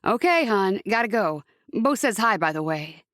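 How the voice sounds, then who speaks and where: A woman's voice: medium pitch, very animated, moderate pace, a bit bright, dry recording, studio quality. A woman voicing a talkative, joking married man, chatty and teasing.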